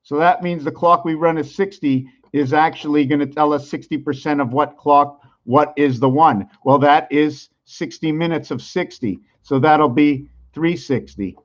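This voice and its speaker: A man hosting a rambling vlog monologue, musing aloud with rhetorical questions and slowly counting out numbers, at times loud and worked up. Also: a little high, lo-fi sound. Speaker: channel host.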